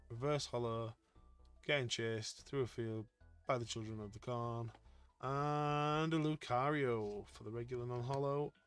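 Excitable man live-streaming. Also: medium pitch. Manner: excitable, chatty, talks to chat. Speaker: streamer opening card packs. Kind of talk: casual live-stream chat.

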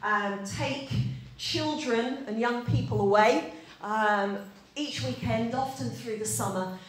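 Speaking slowly in a slightly high voice, a woman pastor in her forties from Yorkshire fills her sermon with stories and chatty asides, putting questions to the congregation. The church room she's in is echoey.

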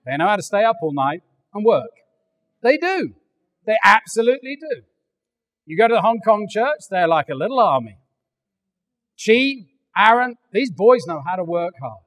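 An older English man preaching a sermon, animated and joking, acting out little voices as he goes. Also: sits high, moderate pace, pauses often, long reverb tail. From England. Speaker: pastor. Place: large church hall.

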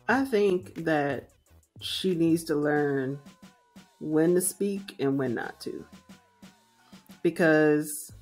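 A woman's voice: on the low side, no room sound. A woman co-hosting a casual podcast chat, blunt and sassy, driving her points home with emphatic repetition. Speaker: podcast co-host.

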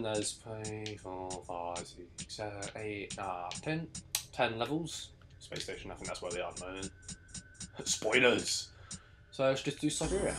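A young man casually commenting over a video game, jokey and rambling, laughing often. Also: fairly low pitch. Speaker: let's play host.

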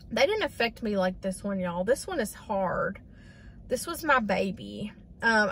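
A woman's voice: medium pitch, a bit bright. A woman, talking casually and sadly to her viewers in a rambling vlog. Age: 40s. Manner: grieving, rambling, addresses viewers as y'all. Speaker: vlogger. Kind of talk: casual chat.

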